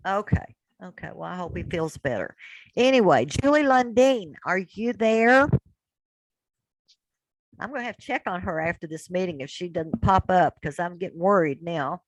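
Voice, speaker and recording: A woman's voice: fairly low pitch, expressive, moderate pace, no echo, rough recording. Woman running a group video call, upbeat and encouraging, dry close sound. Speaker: host of an online business group meeting.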